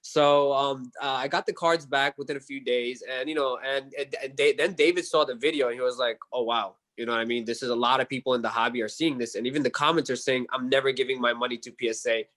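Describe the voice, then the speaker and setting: A man's voice: mid-range voice, fairly even intonation, fast talker, hardly any pauses, fairly bright tone. A man from New York, a podcast guest, chatting casually and rambling with lots of fillers. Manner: rambling, filler-heavy, keeps asking "you know what I mean". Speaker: podcast guest, card collector. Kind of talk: casual chat.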